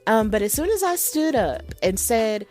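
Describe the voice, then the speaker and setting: A woman podcast host, chatty and excitable, telling a story in a casual solo talk with lots of likes and ums. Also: a little high, moderate pace, soft background music. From Alabama, USA.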